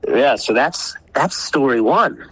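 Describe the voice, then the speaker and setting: A man's voice: mid-range voice, lively intonation, takes it slowly, a bit bright, husky, poor audio. A man telling a rambling, profane story on a casual podcast, often acting out the people he quotes. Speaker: guest storyteller.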